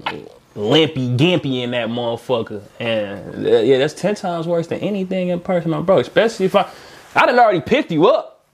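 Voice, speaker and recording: A man's voice: fairly high pitch, a little fast. A young man telling a boastful story animatedly in a casual chat with friends.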